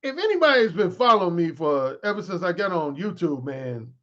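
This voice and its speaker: This dating coach and author speaks briskly in a high voice to livestream followers, candid and animated and often restarting. The sound is lo-fi, coming from a desk mic he adjusts mid-stream.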